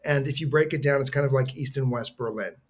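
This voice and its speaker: Actor guest, male, lively casual storyteller, mid-pitched. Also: quick pace, husky.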